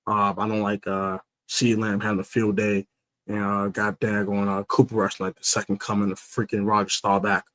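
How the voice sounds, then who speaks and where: A man with a fairly low voice hosting a casual postgame fan livestream. He rambles through fillers and false starts and trash-talks rival fans. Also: monotone, normal speed, fairly bright tone, no echo. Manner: rambling with many fillers and restarts, trash-talking. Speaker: fan podcast host. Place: stadium area after a game.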